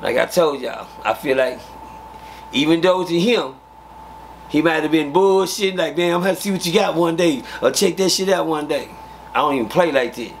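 A man with a Texas accent telling profane, animated prison stories in a casual interview, acting out scenes with sound effects. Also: on the high side, moderate pace, gravelly, a little hiss or hum.

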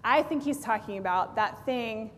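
A woman pastor giving a sermon in a plainspoken, lightly joking manner. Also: moderate pace. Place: church sanctuary. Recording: reverberant church hall, faint rumble.

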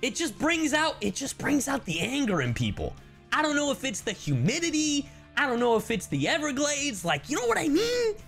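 A man from Miami, a streamer and voice actor, telling stories to his stream chat in a casual, expressive way. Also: extremely high pitch, moderate pace, faint music behind. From Miami, Florida. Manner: animated, expressive storyteller.

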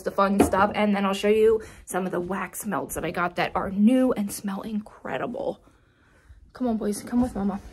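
A woman's voice: mid-range voice, darkish tone, slight background noise. Chatty woman gushing over a haul. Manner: chatty, gushing, rambling asides. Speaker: beauty vlogger. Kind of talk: casual chat. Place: home, indoors.

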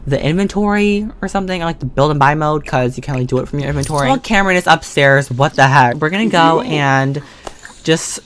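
A woman with a notably low voice talks her way through a life-sim game into a desk condenser mic. Her commentary is loose and full of slang. She chats straight to the characters and breaks into sudden excited or mock-scared outbursts. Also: fairly quick, a little hiss or hum. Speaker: gaming video creator. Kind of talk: casual let's-play commentary.

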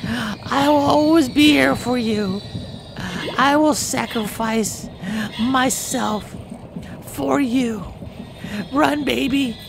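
A woman's voice: high voice, drawn-out words, gravelly, pauses often, exaggerated voice. A woman voicing a doting, protective new mother dolphin over gameplay, gushing and melodramatic. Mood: frantic.

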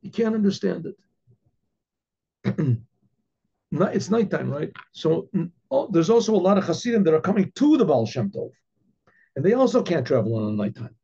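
A man who is a rabbi, telling a story in an animated way and often repeating words. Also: a little high, normal speed, creaky, pauses often. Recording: dull lo-fi recording.

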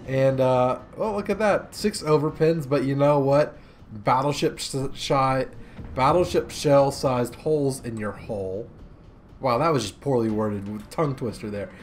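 A man's voice: medium pitch, unhurried, slight background noise. A young man giving casual, rambling gameplay commentary with sarcastic jokes and asides. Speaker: gaming commentator.

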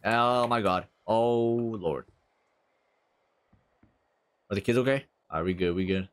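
A man doing let's-play commentary on a horror game, cursing constantly and shouting at the characters on screen. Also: fairly low pitch, slow pace, smooth. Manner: profane, loud outbursts, talks to game characters. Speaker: gaming streamer.

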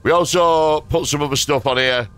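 A man's voice: a little high, moderate pace, fairly bright tone, smooth. A young man, rambling and swearing casually through gameplay commentary at his desk. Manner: rambling, sweary and self-mocking. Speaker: gaming video creator. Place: home desk. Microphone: dynamic microphone at a desk.

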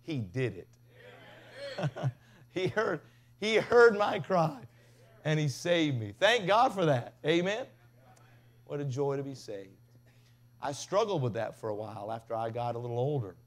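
A man preaching a revival sermon, telling stories with big swings from loud to hushed. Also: on the high side, very animated, a little slow, pauses often. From Tennessee. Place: revival tent.

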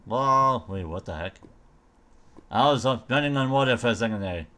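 A man's voice: lowish voice, animated, brisk, a bit bright. A man casually commenting on a game mod as he tries it, thinking aloud and mumbling silly noises. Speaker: gamer showcasing a mod.

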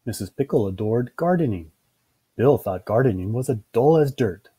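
Expressive male children's story reader. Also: medium pitch, normal speed, breathy edge. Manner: expressive, sing-song storytelling. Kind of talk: read-aloud children's story narration.

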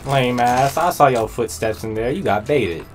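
A man's voice: mid-range voice, normal speed, loud music behind the voice. A young man giving live gameplay commentary, full of profane, exasperated trash talk. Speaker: gaming video creator.

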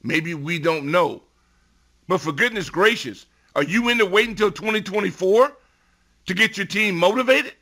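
A middle-aged man giving football analysis as a radio guest, emphatic and building to loud bursts on his points. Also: sits high, moderate pace. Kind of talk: sports radio talk.

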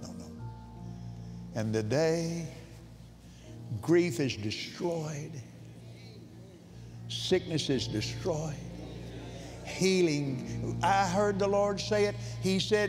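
A man preaching slowly and from the heart, stumbling over and repeating words as he tells a story. His voice sits fairly high for a man. It rings out with a long reverb across a large convention hall, with faint music underneath. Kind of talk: sermon with personal storytelling.

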